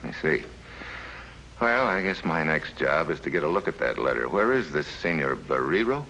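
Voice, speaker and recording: An actor playing a dry, wisecracking American special agent in a 1950s TV drama. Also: male voice, rumbling low, very animated, moderate pace, pushed and bright, muffled recording, heavily acted. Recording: old TV soundtrack with faint hiss.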